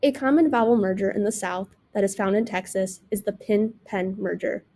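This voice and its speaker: A young woman with a warm, medium-pitched voice reads a class presentation from a script as a student presenter, pronouncing example words with care.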